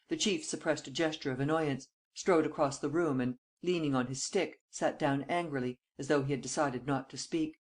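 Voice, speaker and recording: An audiobook narrator reading a classic detective novel in a steady, even way. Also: medium pitch, moderate pace, hardly any pauses. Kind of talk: scripted narration.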